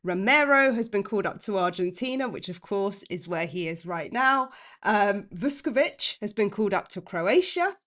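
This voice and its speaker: A woman's voice: medium pitch, expressive, moderate pace, a bit bright. A woman, hosting a live football fan stream, chatty and impassioned as she reads out the chat. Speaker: fan channel host.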